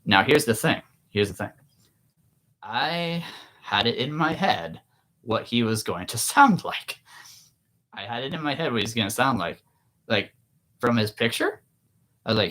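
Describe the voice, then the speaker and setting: A man, an author, telling a story in a casual, animated way with laughs. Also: mid-range voice, a little slow, long pauses. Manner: animated, with many restarts and laughs. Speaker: author and vlogger.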